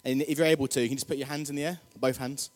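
A man's voice: medium pitch, fairly even intonation, racing. A man delivers a loose, humorous sermon, chatting with the crowd and getting them on their feet. His mid-range voice carries through a church hall with a long, lingering reverb. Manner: jokey, chatty, crowd-rousing. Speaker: preacher. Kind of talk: casual sermon.

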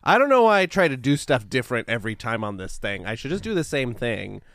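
Smooth-voiced man reading podcast facts. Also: mid-range voice, very animated, fast talker, a bit bright, dry recording. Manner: laughs at himself, reads lists of dates and events. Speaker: podcast co-host. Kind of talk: casual podcast chat and segment reading.

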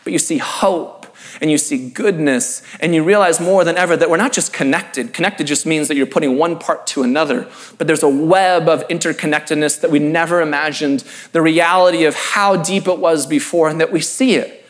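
A pastor giving an earnest, emphatic sermon-style talk, reading scripture and building through repeated phrases. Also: male voice, a little high, normal speed.

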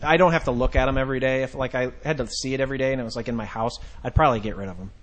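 A man in his thirties hosting a podcast, telling a story in a rambling, halting way with many restarts. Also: mid-range voice, steady tone. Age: 30s. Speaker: podcast host. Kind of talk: casual podcast chat.

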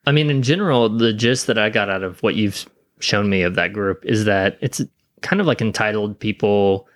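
A man's voice: on the low side, normal speed. A man co-hosting a casual podcast chat who makes dry, skeptical remarks. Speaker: podcast co-host.

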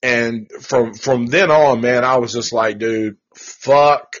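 Male podcast host, slow and profane, spinning a ghost story over a dull lo-fi recording. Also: mid-range voice, slightly rough. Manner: profane, animated, drawn-out storytelling. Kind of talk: casual storytelling.

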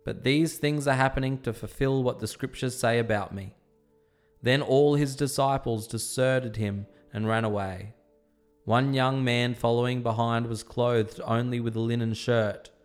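A man giving a dramatized scripture reading, slowing and softening for quoted speech. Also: mid-range voice, steady tone. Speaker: scripture reader. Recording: soft instrumental music underneath. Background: faint instrumental music.

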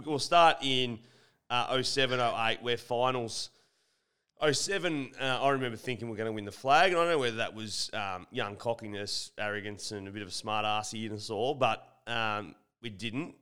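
A man's voice: mid-range voice, fairly bright tone, clean tone. An Australian man in his thirties hosting a casual interview, chatty and jokey with casual swearing. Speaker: podcast host, former footballer.

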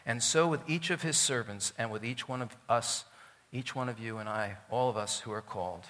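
Male pastor preaching emphatically, bright and forceful, long church reverb. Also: medium pitch, lively intonation, normal speed. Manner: emphatic, swings from loud declarations to quiet asides. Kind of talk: sermon.

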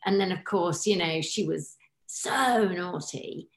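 Actress-impressionist, low voice, giggly chat, roomy echo. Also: female voice, slow, gravelly. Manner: chatty, giggly, slips into impressions. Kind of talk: casual chat, podcast guest.

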